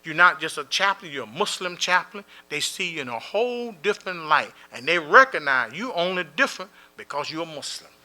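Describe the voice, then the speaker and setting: A man's voice: a little high, very animated, a little fast, hardly any pauses, pushed and bright. A man speaking as a Muslim prison chaplain, telling plainspoken stories to a gathering and repeating key phrases for emphasis. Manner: plainspoken storytelling, acting out dialogue in scenes. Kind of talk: motivational talk to a community gathering.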